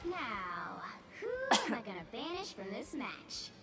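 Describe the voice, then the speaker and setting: An actress voicing a video game match announcer, giving crisp countdown calls. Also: female voice, on the high side, wildly swooping pitch, slow, loud music behind the voice, heavily acted. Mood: announcing.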